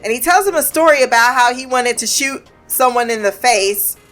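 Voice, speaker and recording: A chatty woman with a slightly high voice walks through a TV episode in a casual recap. She swears freely and acts out the characters' lines, often laughing as she goes. Soft music plays faintly underneath. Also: expressive, moderate pace. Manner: laughs often while retelling.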